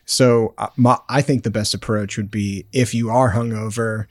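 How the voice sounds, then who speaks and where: A man co-hosting a podcast, laid-back and rambling in casual chat, trailing off softly at the end of his phrases. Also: on the low side, steady tone, moderate pace, no echo, studio quality. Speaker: podcast co-host.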